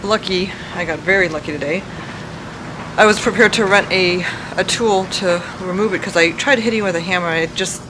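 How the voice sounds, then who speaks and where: A woman's voice: lowish voice, normal speed, background noise. A woman chatting casually in a car repair vlog, rambling with jokey asides. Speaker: DIY car repair vlogger. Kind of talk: casual chat. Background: background music.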